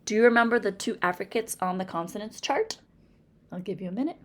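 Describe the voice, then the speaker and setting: A woman with a Massachusetts accent teaching a phonics lesson, carefully sounding out example words one by one. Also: mid-range voice. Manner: slow, deliberate, over-articulating example words.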